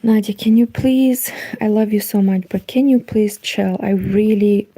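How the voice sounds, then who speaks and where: A woman from Eastern Europe with a Romanian accent, speaking Romanian natively, chatting softly at home late at night on a knitting livestream, her voice nearly gone. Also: medium pitch, fairly even intonation, unhurried. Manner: soft-spoken, reads chat aloud. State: nearly lost voice.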